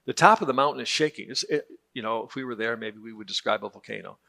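Man teaching Bible class, gravelly voice, bright and forceful tone, joking, conversational. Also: mid-range voice, fast. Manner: joking, conversational, repeats words when restarting.

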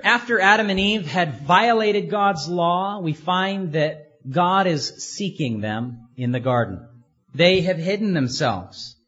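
A man's voice: high voice, fairly bright tone, slightly rough, highs cut off. A man preaching a sermon in an earnest way, asking his listeners many rhetorical questions.

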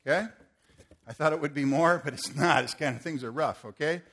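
A man preaching a sermon, swinging from forceful declarations to playful banter with volunteers he calls on stage. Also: on the high side, a little fast. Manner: rises to forceful proclamations, then playful and joking with volunteers. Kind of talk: sermon with live audience demonstration.

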